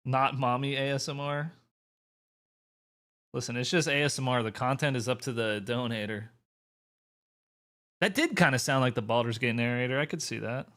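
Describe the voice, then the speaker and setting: A man's voice: mid-range voice, moderate pace, long pauses, fairly bright tone. Laid-back young male streamer chatting. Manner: laid-back, chatty, talks to his chat, mild swearing. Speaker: live streamer. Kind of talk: casual live-stream chat.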